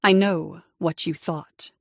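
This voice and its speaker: A woman reading the part of a cool, guarded woman in wartime Paris, measured and commanding. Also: lowish voice, fairly even intonation, gravelly, dry recording, clean studio sound, voice pushed down, heavily acted. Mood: wry.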